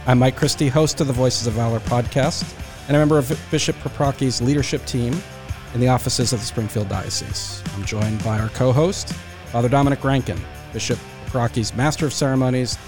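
A man hosting a faith podcast, talking casually with many fillers and restarts. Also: medium pitch. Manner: rambling with frequent fillers. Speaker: podcast host.

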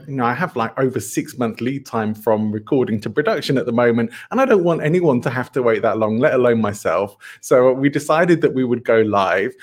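Easygoing male host, relaxed chat. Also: mid-range voice. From northern England. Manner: easygoing, rambling with restarts and small laughs. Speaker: host of live show. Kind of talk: casual live chat.

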